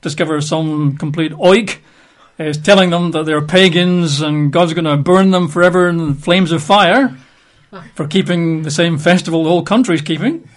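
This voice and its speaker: A man's voice: a little high, moderate pace. A man giving a conversational Bible teaching, chatty and wry, with frequent fillers.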